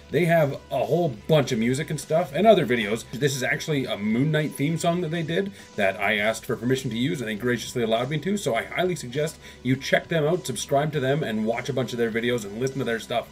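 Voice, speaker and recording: A man hosting a comics video, recapping old issues in a rambling, casual way and briefly acting out the characters' lines. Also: medium pitch. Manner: rambling, acts out characters' lines in quick asides.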